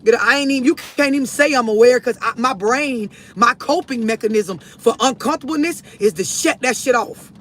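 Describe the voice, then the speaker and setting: In a very high, fairly bright voice, a man hosting a livestream rants at his viewers a little fast, hardly pausing. He's speaking into a phone from inside a vehicle, and his monologue is blunt, profane and preachy.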